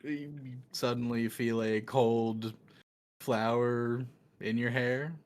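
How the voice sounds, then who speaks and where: A young man narrating as dungeon master in a casual tabletop game, halting and full of fillers. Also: mid-range voice, level tone, crowd noise.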